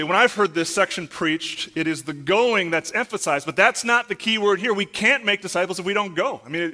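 A man preaching a sermon as pastor in a church, asking earnest rhetorical questions and building to loud, emphatic peaks over scripture. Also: high-pitched.

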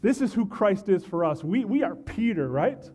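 A man gives a sermon in a fairly high, easy conversational voice. He asks rhetorical "right?" questions and stumbles into small restarts. He sounds like a pastor talking directly to his church. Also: big pitch swings, moderate pace, mellow, faint music behind.

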